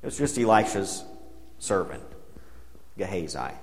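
A man's voice: low-pitched, very animated, a little slow. A man preaching a sermon, retelling a Bible story in a conversational way and paraphrasing the dialogue. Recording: long hall reverb.

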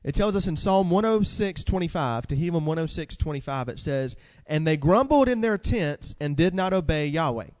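A man preaching a sermon with animated delivery, asking the congregation questions and reading scripture aloud. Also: a little high, normal speed, hardly any pauses, long reverb tail.

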